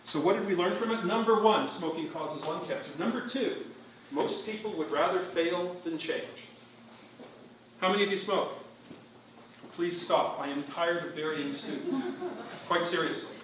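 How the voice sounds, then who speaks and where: Speaking at normal speed in a high-pitched, fairly bright voice, a conference speaker addresses a live audience in a big hall. He's wry and emphatic, frequently quizzing listeners. The recording is very echoey from a distant mic, with a little background noise.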